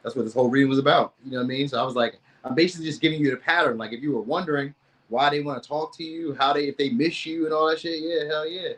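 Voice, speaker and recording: A man's voice: a little high, rapid-fire, a bit bright. A man giving a casual tarot reading, chatting in loose slang and reacting to viewers' comments. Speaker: tarot reader.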